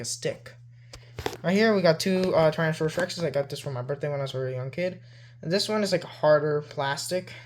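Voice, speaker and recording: This man's voice sits a bit high, and a little hiss or hum runs under the recording. He's casually showing off his toy collection, wandering from point to point and leaning heavily on "like" and "you know" in a relaxed way.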